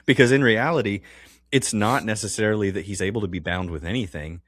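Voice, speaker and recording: A man's voice: on the low side, a bit bright, no room sound, studio quality. A man co-hosting a casual Bible-study podcast. He rambles, stops to restart his sentences, and breaks into laughter often. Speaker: podcast co-host.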